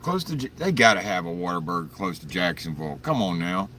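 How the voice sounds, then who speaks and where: A very deep-voiced man chats through an early-morning livestream, rambling through stories with plenty of swearing and chuckles. He sits some distance from the mic, with faint vehicle noise in the background. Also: lively intonation, fast, bright, forceful tone. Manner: rambling, profane storytelling with frequent chuckles; greets viewers in chat by name. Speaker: livestream host.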